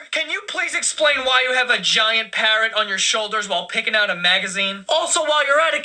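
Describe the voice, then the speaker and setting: Give me a young man doing profane, mocking comedy commentary with a piercing bright tone. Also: very high-pitched. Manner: crude, profane, sarcastic roasting.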